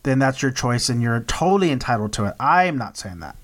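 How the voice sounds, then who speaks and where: A man's voice: medium pitch, very animated, fast talker, fairly bright tone. A man co-hosting a podcast in casual chat, joking and rambling through stories. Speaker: podcast co-host.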